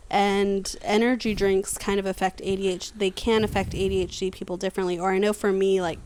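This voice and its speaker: A woman's voice: mid-range voice, darkish tone. Chatty Texan woman co-hosting a podcast. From San Antonio, Texas, USA. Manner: chatty, easy laughter. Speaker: podcast co-host. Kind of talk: casual chat.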